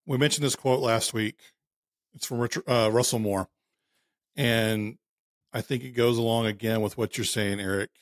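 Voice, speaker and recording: A man's voice: mid-range voice, steady tone, normal speed, dry recording, clean studio sound. A man co-hosting a podcast, speaking in a thoughtful, conversational way. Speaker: podcast co-host. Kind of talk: casual chat.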